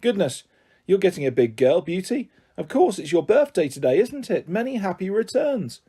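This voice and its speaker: Guy putting on a pushy gossipy auntie, chatty and bossy, kinda high and mellow. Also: very animated, moderate pace, slightly rough, full character voice. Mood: gushing. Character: brisk, self-centred middle-aged aunt.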